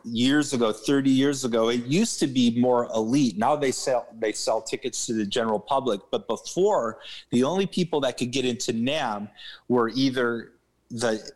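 Male musician guest, mid-pitched, candid and profane, anecdotal podcast chat. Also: normal speed, a little mellow, low-quality recording. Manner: blunt, swears freely, tells stories with laughs. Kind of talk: casual podcast conversation.

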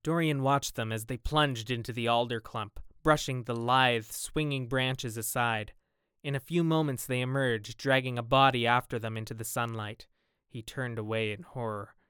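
A man's voice: medium pitch, steady tone, normal speed, clean tone, dry recording, clean studio sound. A man reading a classic novel aloud as an audiobook narrator, acting out the characters' dialogue. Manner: acts out each character with raised, loud dialogue. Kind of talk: scripted narration.

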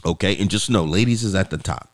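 A man's voice: deep voice, quick pace. A man co-hosting a podcast, telling stories in a casual, profane way and acting out quoted voices. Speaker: podcast co-host.

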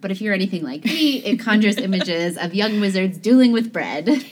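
A woman's voice: medium pitch, expressive, normal speed, a little mellow, slight background noise. A woman co-hosting a podcast, reading scripted banter with a playful delivery. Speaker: podcast co-host.

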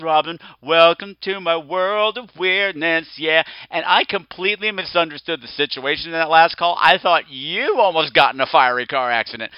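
A man's voice: a little high, clear, resonant tone, no echo, muffled recording. A man hosting a podcast, talking in a campy, playful way with theatrical asides. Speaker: podcast host. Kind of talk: casual podcast chat.

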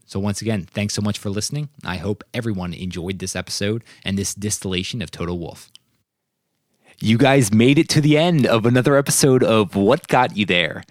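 A young man with a lowish voice talks fairly quickly and earnestly as host of his solo podcast, often checking in with "right?" and "like." It's studio quality, with no echo.

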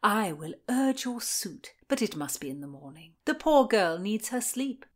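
A quick-witted young gentlewoman, read by a woman, brisk and persuasive. Her voice sits a little higher than a narrator's and presses her case firmly. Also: big pitch swings. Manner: brisk and persuasive, raised pitch.

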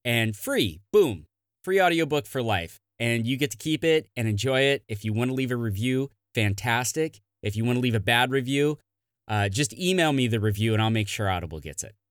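A man's voice: medium pitch, lively intonation, moderate pace, smooth, no echo. Chatty male podcast host, dry sound. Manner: upbeat, chatty, self-deprecating. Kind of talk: casual podcast chat and promo.

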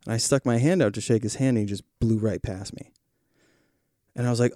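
Man, storyteller in a casual chat, mellow tone, close dry sound. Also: mid-range voice, steady tone, brisk, long pauses, dry recording. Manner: storytelling, acts out quoted voices.

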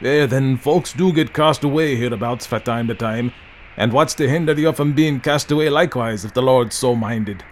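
A man's voice: mid-range voice, normal speed, a little hiss or hum, pitched above the performer's own voice, lightly acted. A man doing a surly old moorland guide. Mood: gruff, sullen. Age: older. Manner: gruff, grudging, clipped replies.

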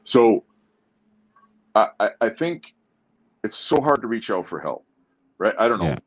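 A man talking candidly as a guest in an interview, earnest and halting, often restarting his sentences. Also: fairly low pitch, very animated, rough recording. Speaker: podcast guest.

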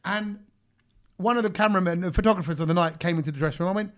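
A man tells stories quickly, his voice pitched high for a man. He is an animated podcast co-host in his forties or fifties who climbs even higher when a story gets exciting. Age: 40s or 50s. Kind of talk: casual storytelling chat.

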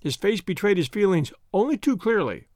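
A man narrating a classic story in a measured, expressive storytelling manner. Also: high-pitched, no echo, studio quality. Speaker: audiobook narrator.

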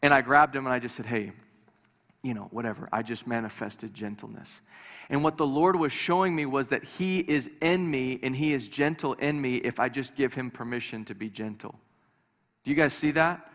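At normal speed and medium pitch, a man preaches to his congregation in a church hall, his tone a bit bright. He is their pastor, speaking conversationally with light humor and frequently repeating words as he starts over. The recording has long hall reverb.

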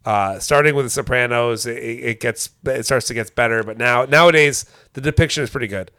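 A man's voice: medium pitch, brisk, pushed and bright, clean tone, no room sound, studio quality. A man co-hosting a casual talk show, blunt and profane, who laughs often. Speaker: podcast co-host. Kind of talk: casual chat.

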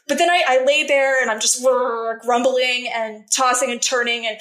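An earnest woman with a somewhat high voice tells her personal story as a podcast guest. She talks candidly and emphatically, and her voice climbs when she relives being angry. The recording carries a noticeable roomy echo. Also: steady tone, moderate pace, few pauses, a bit bright.

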